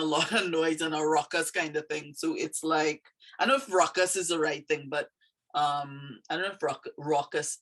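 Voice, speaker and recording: A woman with a Trinidadian accent explains the words in her poem in a casual way, often pausing to search for the right word. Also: sits low, a bit bright. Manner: thoughtful, pauses to search for words.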